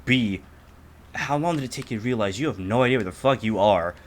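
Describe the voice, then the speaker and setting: A teenage man telling a story on a podcast in casual chat, swearing a lot and acting out the people in it loudly. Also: medium pitch, brisk. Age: teens. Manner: animated, profane, acts out quotes loudly. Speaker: podcast co-host.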